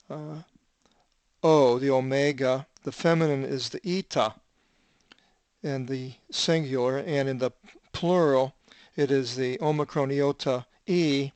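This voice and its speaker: An older man with a smooth yet gravelly voice teaches biblical Greek at a slow, halting pace. He fills his pauses with "uh" as he reads and spells out Greek words. The sound is dry and close. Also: mid-range voice, dry recording. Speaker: Bible translator teaching Greek.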